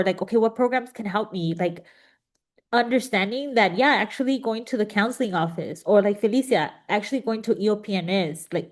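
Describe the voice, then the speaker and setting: Emotional woman moderating a panel. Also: mid-range voice. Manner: warm, emotional, chatty with many fillers. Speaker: panel moderator and college instructor. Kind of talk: casual emotional panel talk. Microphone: video call.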